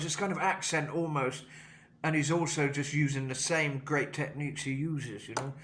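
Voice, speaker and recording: A man's voice: on the high side, steady tone, normal speed, fairly bright tone, slight background noise. A man teaching a singing lesson, explaining technique in a thoughtful way with many fillers and restarts. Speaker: vocal coach.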